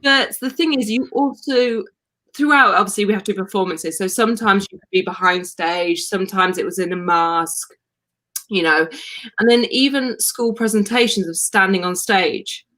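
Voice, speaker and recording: A woman, a wellness coach and podcast guest, chatting animatedly and telling stories over a video call. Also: medium pitch. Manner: chatty, animated storytelling, quick to laugh.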